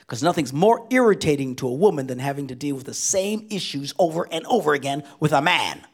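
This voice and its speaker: Telling funny stories from the pulpit, a middle-aged pastor alternates booming moments with quiet asides. He sounds animated and on the high side, moving a little fast.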